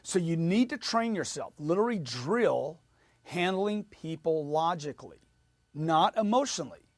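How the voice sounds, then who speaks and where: Guy coaching on sales, punchy and repetitive, bouncy pitch, dry sound. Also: expressive, a little slow, no room sound. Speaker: sales trainer. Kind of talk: motivational sales lesson.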